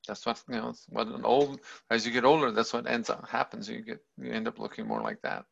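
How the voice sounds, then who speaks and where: A man voicing a palace guard captain who explains things plainly, padding his lines with hesitant fillers. The voice is gravelly and bright. It comes through a dull, lo-fi recording. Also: mid-range voice, little pitch movement, brisk, heavily acted. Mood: matter-of-fact. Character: matter-of-fact male palace guard captain.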